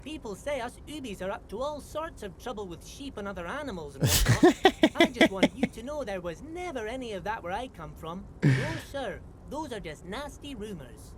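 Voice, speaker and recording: A man's voice: sits high, sing-song, normal speed, a crowd in the background. A man voicing a cheerful, chatty male dockworker in a video game, with a thick Scottish accent and a folksy, sing-song way of talking. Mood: earnest. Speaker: game character. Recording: game audio with clear background noise.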